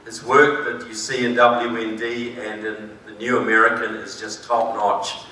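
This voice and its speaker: A man with a New Zealand accent delivers an emphatic conference speech, slipping in dry jokes. His voice is bright and carries. He sounds set back from the mic, with a hall echoing heavily around him. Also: on the low side, flat delivery, a little slow, a little hiss or hum. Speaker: conference speaker. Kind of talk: public speech. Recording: echoey hall, distant mic.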